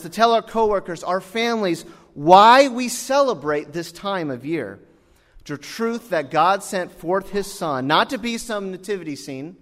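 Animated male preacher in an echoing church. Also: high voice. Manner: animated storytelling, acts out dialogue. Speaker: pastor. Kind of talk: sermon. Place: church sanctuary. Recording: long hall reverb.

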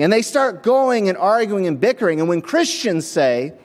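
A man's voice: high-pitched, very animated, moderate pace, hardly any pauses. A man preaching a sermon, telling a story and acting out the voices of people in it. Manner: storytelling, acts out voices in quotes. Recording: long hall reverb.

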